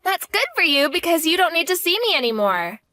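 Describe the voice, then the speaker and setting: A woman's voice: very high voice, very animated, a little fast, sharp tone, no room sound, full character voice. A woman voicing a blunt young wife who speaks in a cutting, direct way. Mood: cold.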